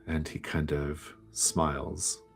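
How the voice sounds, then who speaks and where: A man serves as game master for a tabletop game. He narrates in a measured, descriptive way. His voice is very deep and his pace is slow. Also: monotone, creaky, faint music behind.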